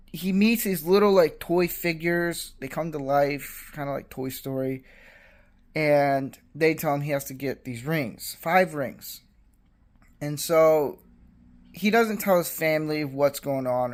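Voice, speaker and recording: A man giving a casual, blunt and dismissive movie review, rambling with fillers. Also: fairly high pitch.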